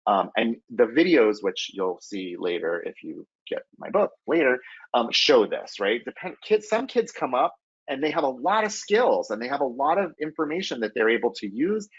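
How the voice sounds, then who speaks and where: A middle-aged man giving a casual teacher webinar, animated and chatty, who acts out children's self-talk in a higher voice. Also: normal speed, slightly rough, dry recording, dull audio. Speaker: teacher trainer presenting a webinar.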